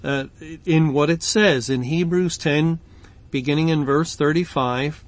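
A man teaching a Bible study, reading scripture and explaining it slowly with frequent pauses and fillers. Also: fairly high pitch, no room sound. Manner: slow and deliberate, with frequent ums and pauses.

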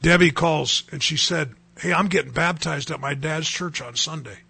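A man's voice: a little high, moderate pace, gravelly, sharp tone, slightly rough, no room sound. A man from North Dakota telling his personal testimony in an earnest storytelling way that rises to emphatic bursts. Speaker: testimony speaker.

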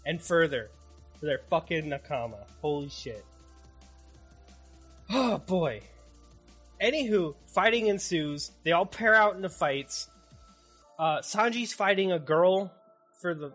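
A man hosting a casual podcast, recapping an anime in an animated, excitable way and swearing constantly. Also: on the high side. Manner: animated, heavily profane, excitable. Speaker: podcast host.

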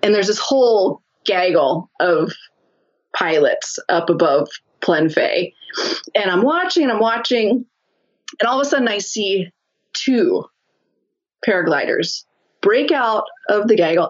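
A woman guest telling a lively story in a casual interview, laughing often as she talks. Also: fairly low pitch, measured pace, slightly rough, muffled recording.

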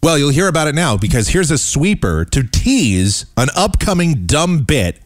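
A man hosting his own podcast, giving a scornful, animated rant about the broadcasting industry. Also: a little high, normal speed, no room sound, studio quality. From United States. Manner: scornful, animated, mocks voices he dislikes. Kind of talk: ranting commentary.

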